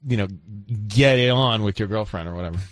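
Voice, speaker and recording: A man's voice: lowish voice, quick pace, no room sound. A man hosting a radio talk show, chatting with co-hosts in a joking, teasing way. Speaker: radio host. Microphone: studio microphone.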